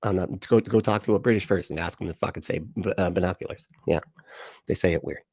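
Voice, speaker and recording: A man's voice: low voice, quick pace, creaky, a little mellow, slightly rough, dry recording, clean studio sound. A man hosting a livestream, reacting in casual, sarcastic commentary with plenty of swearing and rambling asides. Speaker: livestream host.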